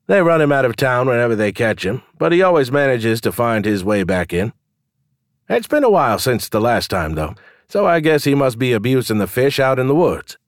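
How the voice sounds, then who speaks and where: A cheeky male barkeep behind a tavern counter, amused and teasing, as a male narrator puts him on. His voice rides higher than the narrator's low natural tone, with a mocking lift. The recording is dry and close. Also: big pitch swings, a little fast, no room sound.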